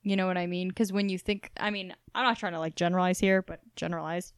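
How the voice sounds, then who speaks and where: A woman's voice: fairly low pitch, fast talker, smooth, no echo. Chatty young woman with a faint twang. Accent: faint Southern Midwestern twang. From Missouri. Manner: chatty, many fillers, animated. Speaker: podcast co-host. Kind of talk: casual chat.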